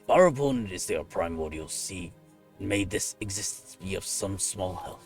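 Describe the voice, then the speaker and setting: A man voicing a loyal, solemn warrior monk with a gravelly voice, reading game dialogue in formal, deliberate speech. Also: low voice, lively intonation, soft background music. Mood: devoted.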